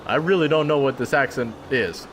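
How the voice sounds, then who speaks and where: A man's voice: medium pitch, brisk, fairly bright tone, slight background noise. Chatty man commenting on a game. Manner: chatty, self-mocking asides. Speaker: let's play gamer.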